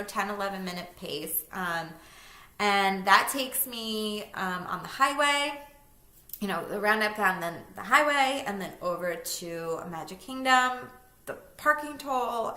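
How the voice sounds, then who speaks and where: A woman's voice: mid-range voice, bright, forceful tone, echoey room. A woman in her thirties, a vlogger, telling a personal story in a casual, chatty way with fillers and small laughing asides.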